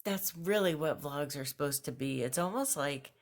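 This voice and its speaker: A woman talking casually to camera in a video journal at home, earnest and thoughtful, with fillers and soft laughs. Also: deep voice, normal speed. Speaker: vlogger. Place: at home, just out of bed.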